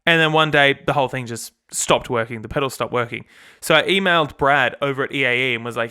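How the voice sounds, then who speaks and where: A young man with an Australian accent chats on and on about his setup, drifting off on tangents and dropping the odd swear word. His voice is bright and clean, with a smooth, clear tone. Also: medium pitch, quick pace. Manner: rambling, chatty, swears casually. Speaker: guitarist and channel host. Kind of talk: casual gear demo vlog.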